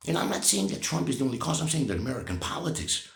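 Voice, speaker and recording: A man's voice: fairly high pitch, very animated, racing, creaky, echoey room. A man in his sixties delivering a blunt, profane, exasperated political rant to camera, often restarting his sentences. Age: 60s. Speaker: vlogger.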